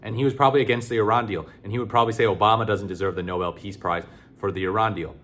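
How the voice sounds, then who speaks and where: A man delivering casual opinion commentary in a somewhat low voice. He talks sarcastically and bluntly, with loose phrasing, fillers and frequent restarts. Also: very fast, fairly bright tone. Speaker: political commentator.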